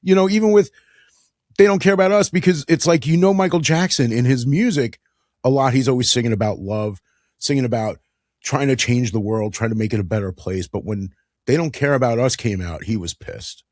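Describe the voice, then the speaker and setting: A man's voice: medium pitch, a little fast, darkish tone, dry recording, studio quality. A man hosting a casual monologue show, talking with enthusiasm in a chatty way and laughing often. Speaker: podcast host.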